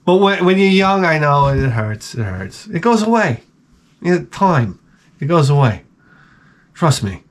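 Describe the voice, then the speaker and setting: A man with a high voice gives blunt, crude relationship advice in a rambling comic monologue. He drifts from point to point and slips into the voices of the people he describes. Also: sing-song, measured pace, pauses often. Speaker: advice vlogger.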